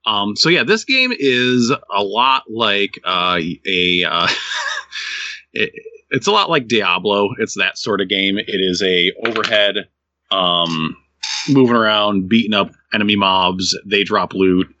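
Deep, forceful male co-host, casual and rambling, stuck with hiccups; dull close-miked sound. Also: animated, takes it slowly, no echo. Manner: rambling, many restarts and fillers. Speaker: podcast co-host reviewing games. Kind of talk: casual chat.

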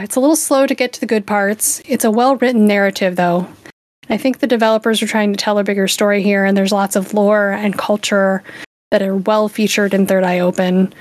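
A woman gives her verdict on a game in an easygoing, slightly hesitant way, peppered with "um" and "uh." Her voice is mid-pitched and recorded close, with a dry sound. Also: no echo. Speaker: game reviewer. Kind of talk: casual review chat.

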